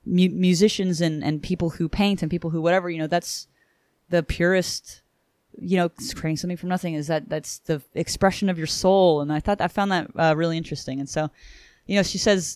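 Animated woman retelling a comic. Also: on the low side, fairly quick, dry recording, studio quality. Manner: animated, swears freely, acts out characters' lines. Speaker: podcast host reviewing a comic. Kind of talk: casual chat, retelling a comic with quoted lines.

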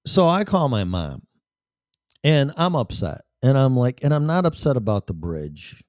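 A man's voice: medium pitch, big pitch swings, a little slow, a little mellow, no room sound, clean studio sound. A man hosting a show, telling a personal story bluntly, full of profanity.

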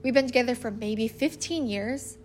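A woman's voice: fairly high pitch, normal speed, a little hiss or hum. A woman in her thirties talking casually and earnestly about her relationship, acting out lines she quotes. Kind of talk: casual personal storytelling.

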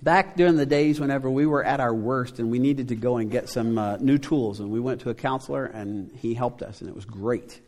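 A man's voice: mid-range voice, brisk, hardly any pauses, darkish tone. A middle-aged male pastor preaching a conversational sermon, asking his congregation rhetorical questions. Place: church sanctuary. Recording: long reverb of a church hall.

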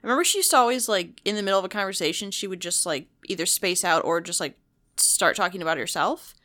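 A woman's voice: fairly low pitch, lively intonation, fast, bright, forceful tone. A woman co-hosting a casual chat, blunt and opinionated, often laughing.

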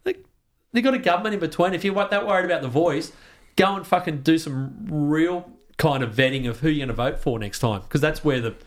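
A man's voice: fairly high pitch, fairly quick. An Australian man talking as a podcast guest in casual conversation, passionate and sweary, often restarting his sentences.

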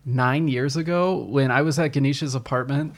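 A man's voice: medium pitch, normal speed. A man in his thirties from Virginia, co-hosting a podcast and telling rambling anecdotes. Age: 30s. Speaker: podcast co-host. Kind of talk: casual chat.

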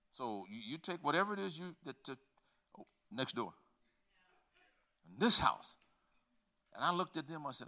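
An older man preaching a sermon as pastor, swinging between hushed, low passages and loud, emphatic ones, acting out conversations from his stories. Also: very animated, moderate pace, long pauses.

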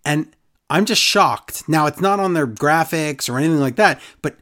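Speaking at an ordinary pace with a medium-pitched voice, a podcast host chats casually through a wrestling show recap. He's animated and sarcastic, and he performs quotes in different voices.

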